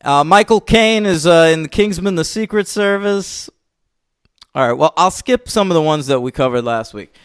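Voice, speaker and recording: A man co-hosting a film podcast in casual chat, excitable and swearing, teasing his co-host. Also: on the high side, normal speed, clean tone, no echo, clean studio sound.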